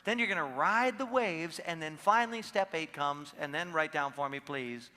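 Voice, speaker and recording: Animated high-voiced man in a hall. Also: moderate pace. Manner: animated storytelling, acting out voices. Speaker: seminar speaker. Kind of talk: live seminar talk.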